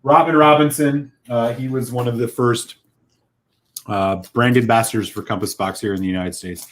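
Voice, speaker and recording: A man's voice: mid-range voice, steady tone, moderate pace. A man co-hosting a casual whisky chat, telling a heartfelt, rambling story with lots of fillers. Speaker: whisky podcast co-host.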